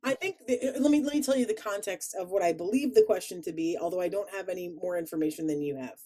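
Woman, Chicago accent, podcast co-host, playful rambling chat, warm low voice. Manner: playful, rambling, quick to laugh. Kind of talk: casual chat.

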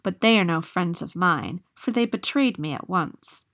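A woman's voice: lowish voice, animated, normal speed, fairly bright tone. A woman voicing a sullen, complaining enchanted mare in a storybook reading. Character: sly enchanted mare, female.

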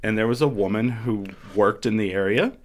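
A man's voice: on the low side, brisk. A man casually telling stories in a podcast chat, acting out quoted voices and swearing freely. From New Mexico, USA.

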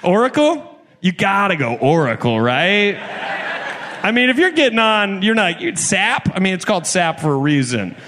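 This is a man co-hosting a comedy podcast in front of a live festival crowd. His voice sits a bit high and leaps all over the place as he gets excited and blurts out loud, profane asides. A long reverb from the hall trails every line. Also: moderate pace, slight background noise. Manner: excitable, bursts into loud exclamations, swears casually. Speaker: podcast co-host.

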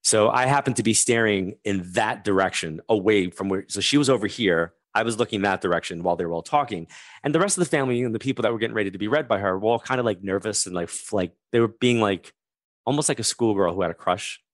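Lively storytelling man, low voice. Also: quick pace, dry recording, studio quality. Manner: animated, acts out voices of people in his story. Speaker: guest. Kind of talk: storytelling in conversation.

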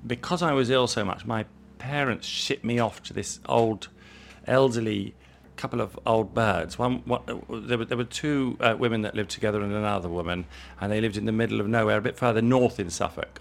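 A middle-aged English man with a low, gravelly voice tells stories in an easy, rambling way. He often repeats words as he feels his way through a thought. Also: a bit bright, a little hiss or hum. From England. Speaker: interview guest, jewellery designer. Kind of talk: relaxed conversational storytelling.

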